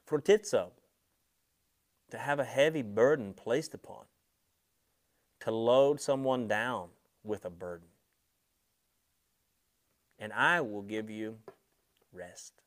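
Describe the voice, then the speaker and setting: A man preaching a sermon in a conversational way, slowing and stressing key words, then dropping softly on asides to his listeners. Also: medium pitch. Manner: slows and swells on key words, drops soft on asides; conversational, speaks directly to listeners.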